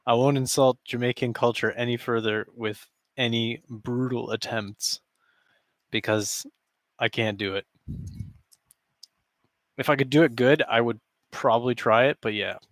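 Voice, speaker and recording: A man's voice: mid-range voice, steady tone, measured pace, pauses often, a bit bright, dry recording, clean studio sound. A man casually chatting and joking with his stream viewers from his basement, rambling with frequent chuckles. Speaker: live streamer. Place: basement room with a cardboard backdrop.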